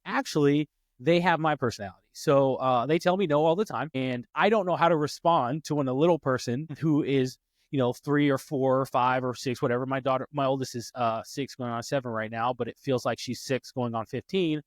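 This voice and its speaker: A man's voice: medium pitch, brisk, dry recording. Man, podcast host, late twenties, casual chat, acts out quotes, dry close sound. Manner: animated, acts out quotes with rising voice.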